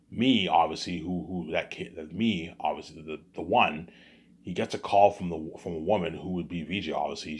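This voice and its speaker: A man's voice: sits low, breathy edge. A man talking in a casual vlog monologue, rambling and often repeating words and restarting his sentences. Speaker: vlogger.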